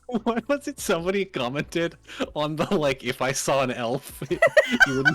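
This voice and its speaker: Slow, teasing stream co-host. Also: medium pitch, big pitch swings, a bit bright, no echo. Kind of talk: casual stream chat.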